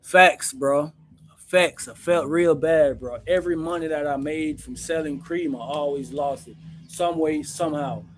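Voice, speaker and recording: A man hosting his own channel, telling stories in a casual, animated, slangy way, calling everyone "bro". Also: fairly high pitch, measured pace, slight background noise. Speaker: channel host recounting prison life. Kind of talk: casual storytelling to camera.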